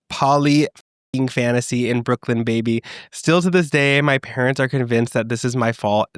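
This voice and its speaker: Sassy, animated young man, dry sound. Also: medium pitch, no room sound. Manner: animated, sassy, reacts and jokes freely with swearing. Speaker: podcast host. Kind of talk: solo comedic podcast chat.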